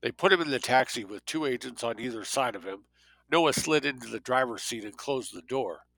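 A man narrating a novel in a steady, plain storytelling voice. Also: medium pitch, a little fast, gravelly, no room sound, low-quality recording. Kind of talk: audiobook narration.

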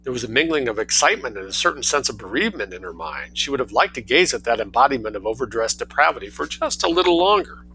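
A man reading a story aloud in a relaxed, lively way, doing voices for the characters. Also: mid-range voice, quick pace, hardly any pauses, slight background noise, low-quality recording.

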